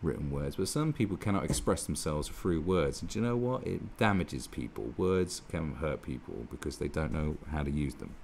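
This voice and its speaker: A man's voice: a bass voice, expressive, moderate pace, creaky, few pauses, darkish tone, a little hiss or hum. A man giving heated, sarcastic commentary on a newspaper column, swearing often as he rants. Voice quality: profane, sarcastic, heated ranting. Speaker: online commentator.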